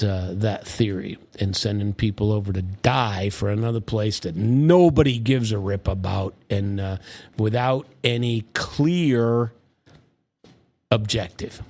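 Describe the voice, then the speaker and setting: Grumpy rambling male commentator. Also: lowish voice. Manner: rambling, frequent restarts and fillers; grumpy, sarcastic. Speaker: political commentator. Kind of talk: casual commentary monologue.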